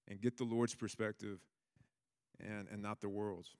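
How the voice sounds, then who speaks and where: A man's voice: on the low side, steady tone, unhurried, darkish tone, in a large hall. A man preaching a sermon in a casual, rambling way, with many restarts and fillers. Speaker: pastor.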